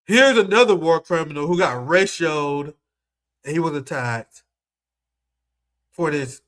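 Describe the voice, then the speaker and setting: A man's voice: fairly high pitch, animated, unhurried, a bit bright. A young man giving heated, profane political commentary as a streamer, mocking and ranting at his audience.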